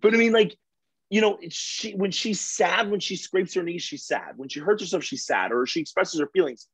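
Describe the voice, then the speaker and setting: Husky, animated man as a podcast guest. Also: sits high, normal speed, no room sound, rough recording. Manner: animated, acts out quotes in lively voices. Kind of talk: casual interview chat.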